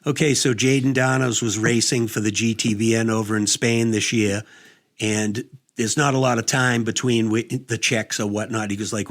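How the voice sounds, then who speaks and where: A man's voice: fairly low pitch, fairly even intonation, normal speed. A man guest-hosting a casual podcast, telling rambling, profane stories with plenty of laughter. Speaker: guest host.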